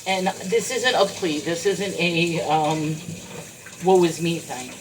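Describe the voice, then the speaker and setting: A woman's voice: fairly low pitch, takes it slowly, background noise. Tearful woman venting in her kitchen. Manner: tearful, fighting back crying. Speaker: vlogger. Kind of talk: emotional personal vlog rant. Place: home kitchen, washing dishes.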